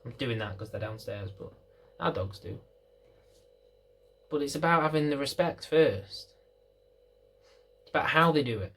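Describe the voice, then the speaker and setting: A man's voice: mid-range voice, lively intonation, normal speed, long pauses, fairly bright tone. A young British man, a dog trainer, venting to camera with lots of rhetorical questions. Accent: British English. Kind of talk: ranting to camera.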